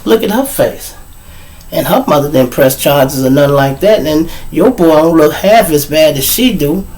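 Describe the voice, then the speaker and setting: A man, hosting his show and casually telling a profane, animated story to his viewers. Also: fairly high pitch, normal speed, low-quality recording. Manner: animated, profane, acts out quotes, addresses audience. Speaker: show host.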